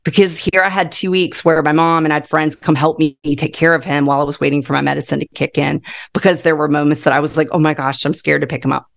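Earnest woman with a gravelly voice. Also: sits low, level tone, quick pace. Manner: earnest, heartfelt and emphatic. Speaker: guest author and counselor. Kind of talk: casual interview talk.

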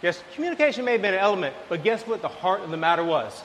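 A man preaching a sermon, telling a lively everyday story, then dropping to soft, low lines. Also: very fast, long reverb tail, a little hiss or hum. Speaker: pastor.

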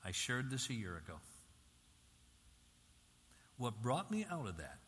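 A man's voice: mid-range voice, huge pitch swings, unhurried, fairly bright tone, husky. An older man from Michigan giving an emphatic sermon-style talk, repeating key phrases with rising intensity. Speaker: Christian speaker. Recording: reverberant hall, faint ambience.

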